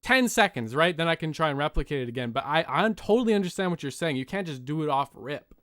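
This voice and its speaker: A young man from Canada hosting a podcast over a call, talking in a rapid, rambling way and swearing casually. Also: a little high, lively intonation, a bit bright, no room sound, clean studio sound. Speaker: podcast host.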